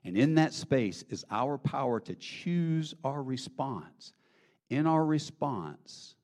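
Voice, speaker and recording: A Southern-accented man preaching in a folksy, conversational way. His pitch and volume swing widely as he drops into near-whispers, then rises to loud emphasis. He asks the congregation questions as he goes. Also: very animated, slow. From American South. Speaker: pastor. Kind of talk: sermon.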